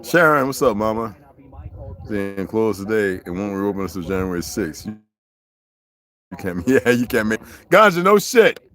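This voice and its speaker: A man's voice: on the low side, very animated, normal speed, a bit bright, soft background music. A man hosting a livestream, ranting in a profane, preachy, confrontational way and greeting viewers by name. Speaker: livestream host. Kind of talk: livestream rant.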